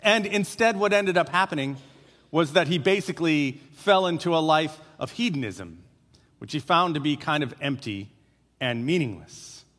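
A man's voice: fairly high pitch, animated, moderate pace, fairly bright tone. A man preaching a sermon as pastor, speaking conversationally with frequent filler "uh"s. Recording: long hall reverb.

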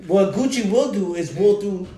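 A man's voice: high voice, animated, moderate pace, warm tone. A young male comedian co-hosting a casual podcast, blunt and teasing, swearing and calling people bro. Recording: roomy echo with faint noise.

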